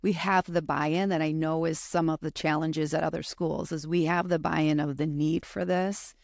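A woman's voice: deep voice, steady tone, normal speed, vocal fry, no room sound, studio quality. A woman who works with school students, talking earnestly in an interview with frequent fillers. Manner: earnest and thoughtful, with many fillers. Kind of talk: casual interview chat.

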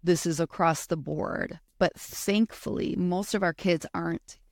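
A woman's voice: lowish voice, steady tone, a little slow, creaky, no echo, clean studio sound. A woman who works with school students, talking earnestly in an interview with frequent fillers. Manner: earnest and thoughtful, with many fillers. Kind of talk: casual interview chat.

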